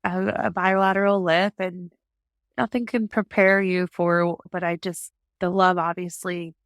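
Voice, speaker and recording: A woman's voice: on the low side, level tone, measured pace, dry recording, clean studio sound. A young adult woman, a guest, telling her story in a casual interview and acting out the exchanges she quotes. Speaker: guest, parent advocate.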